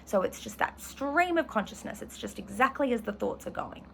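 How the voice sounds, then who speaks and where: A woman's voice: fairly high pitch, lively intonation, moderate pace, vocal fry, fairly bright tone, slight background noise, rough recording. A woman English teacher explaining a novel and reading a passage aloud, enthusiastic and correcting herself as she goes. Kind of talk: literature lesson with read-aloud passage.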